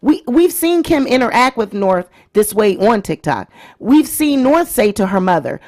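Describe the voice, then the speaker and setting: A woman's voice: fairly high pitch, sing-song, moderate pace, a little mellow. A woman hosting her own vlog, giving chatty, opinionated commentary straight to her viewers. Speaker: vlog host. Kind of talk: casual celebrity-news commentary.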